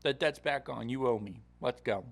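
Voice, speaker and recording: A man's voice: medium pitch, moderate pace, creaky. A man voicing a fed-up king who scolds a servant in casual slang. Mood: stern.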